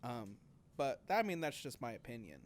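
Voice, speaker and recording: A man's voice: medium pitch, sing-song, moderate pace, slight background noise. A young man telling a story in casual podcast chat, rambling with many fillers and acting out quotes. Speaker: podcast co-host.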